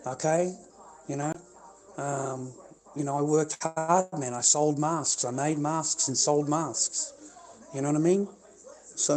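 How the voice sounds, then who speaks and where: A dark-toned, mid-range male voice with an Australian accent lays into his livestream viewers in an angry, expletive-heavy rant full of repetition.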